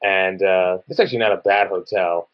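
A man's voice: deep voice, normal speed, lo-fi sound. A man who writes and produces plays, chatting casually and rambling with lots of "like". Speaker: playwright and producer. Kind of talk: casual chat.

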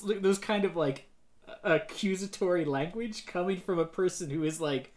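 A man's voice: on the high side, expressive, moderate pace, darkish tone. A man co-hosting a casual movie review podcast, rambling with lots of fillers and mocking put-on quotes. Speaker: podcast co-host.

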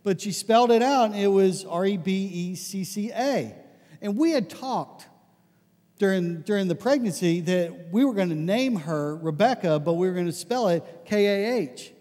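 A man preaching a conversational sermon, telling stories with lots of restarts and animated asides. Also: sits high, in a large hall. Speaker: pastor.

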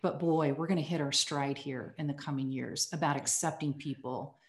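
A woman guest on a podcast, telling a personal story in an earnest, animated way. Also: deep voice, moderate pace. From United States. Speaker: podcast guest, communications executive. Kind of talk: casual storytelling interview. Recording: echoey room.

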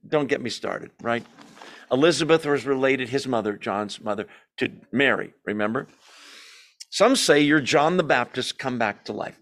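Male Bible study teacher, mid-pitched, animated and jokey, fond of rhetorical questions.

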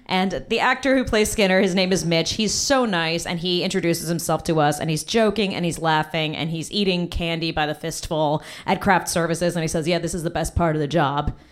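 A young woman telling a personal story on stage, lively and jumping high in pitch when quoting people. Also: brisk, hardly any pauses.

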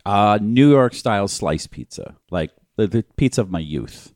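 Man riffing crude jokes, lively pitch. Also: moderate pace, no echo, clean studio sound. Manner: joking, bawdy riffs. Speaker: podcast co-host. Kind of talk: crude casual banter.

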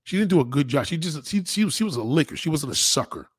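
A man hosts a casual streamed chat, rambling crudely in street slang. His voice is husky, and his pitch swings up and down a lot. The sound is dry and close, with no room echo. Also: lively intonation, fast talker. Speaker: host.

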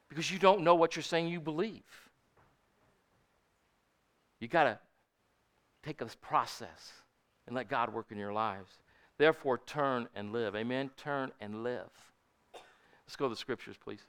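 A man's voice: mid-range voice, lively intonation, unhurried, long pauses, a bit bright. An older man preaching a sermon in a folksy, storytelling way, often asking his congregation "Amen?". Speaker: pastor.

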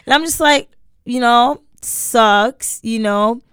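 A woman's voice: a little high, slow, fairly bright tone, clean tone, no echo, clean studio sound. A young woman from Haiti chatting casually as a podcast co-host, with lots of fillers. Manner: conversational, many fillers. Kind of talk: casual chat.

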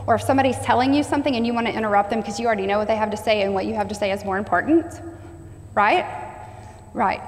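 A woman's voice: medium pitch, very fast. A woman preaching a sermon, repeating key phrases and asking the congregation to say them back. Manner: call-and-response preaching, stressing repeated phrases. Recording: long hall reverb.

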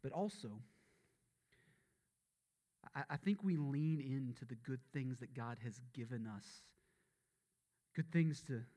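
Male pastor with a Southern accent, mid-pitched, preaching with intensity that swells and falls. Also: takes it slowly, long pauses, warm tone. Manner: impassioned, building to emphatic peaks then dropping low and solemn. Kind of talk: sermon.

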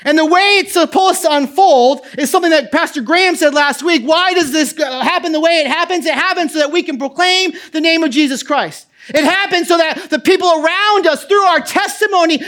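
A middle-aged man preaching a sermon as pastor, moving from hushed tones to loud calls, with casual asides. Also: very high voice. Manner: impassioned, swings from quiet to loud.

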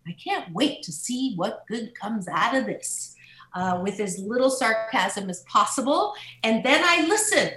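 A woman author and motivational speaker in an interview, telling stories in an upbeat, animated way and swooping up into high voices. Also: echoey room, poor audio. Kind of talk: podcast interview.

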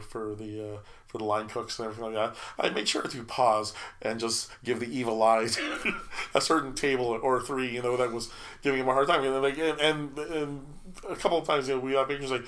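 A man's voice: mid-range voice, a bit bright. A middle-aged man telling work stories in casual chat, stumbling through restarts and repeated words and laughing often.

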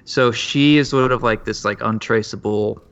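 Gravelly laid-back man, lo-fi. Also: on the low side, normal speed, fairly bright tone. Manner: laid-back, rambling with fillers and laughs. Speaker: comic creator guest. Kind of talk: casual podcast chat. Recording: dull lo-fi podcast audio.

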